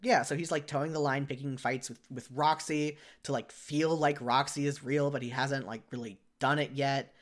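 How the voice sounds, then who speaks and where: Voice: mid-range voice, fairly even intonation, normal speed, hardly any pauses. A podcast co-host in casual chat, rambling with lots of "like" and frequent self-corrections.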